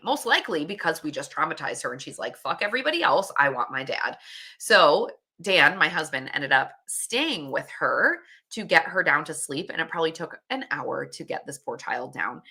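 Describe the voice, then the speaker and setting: A woman's voice: low voice, sharp tone, slightly rough. A woman in her late thirties, a podcast host, casually telling a candid story with laughs and swearing. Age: 30s.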